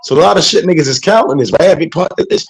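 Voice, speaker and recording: A man's voice: on the high side, huge pitch swings, fast, vocal fry, slightly rough, poor audio. A man making blunt, dismissive points in a casual boxing chat as a podcast panelist.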